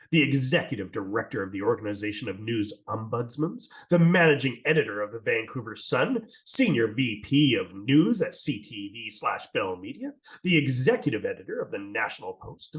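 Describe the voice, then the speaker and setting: Male podcast host from Canada, upbeat and a bit breathless, stumbles over words, very lively pitch. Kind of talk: casual interview chat.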